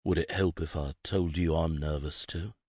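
A man's voice: extremely low pitch, steady tone, moderate pace, a little mellow, slightly rough, no echo, studio quality. A man voicing a confident, wry male detective who reassures his nervous friend. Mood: reassuring.

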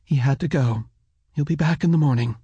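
A man's voice: a little high, brisk, dark tone, breathy edge, no room sound, muffled recording, voice pushed up. A man reading an audiobook, voicing a worn, bitter mother in a raised, clipped voice. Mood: firm reassuring. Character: worn, bitter poor mother, middle-aged woman. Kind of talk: audiobook character voice.

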